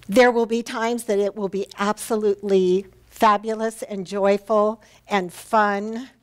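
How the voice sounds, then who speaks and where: Slow-spoken woman minister preaching. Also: medium pitch, fairly even intonation. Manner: warm, personal storytelling with heartfelt pauses. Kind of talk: sermon. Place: church sanctuary.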